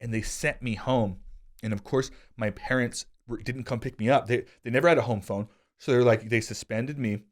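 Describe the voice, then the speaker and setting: A man in his thirties hosting a podcast, telling casual stories with self-deprecating humor. He gets animated, and his voice jumps high when he quotes himself. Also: normal speed. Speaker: podcast host. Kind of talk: casual conversational storytelling.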